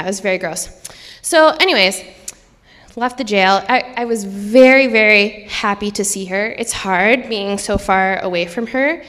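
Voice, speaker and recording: A woman's voice: mid-range voice, a bit bright. A young woman with an Upper Midwest American accent telling a true personal story at a live storytelling event, chatty and full of ums and likes. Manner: conversational, many ums and likes. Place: stage in a hall with an audience. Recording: live stage recording with long hall reverb.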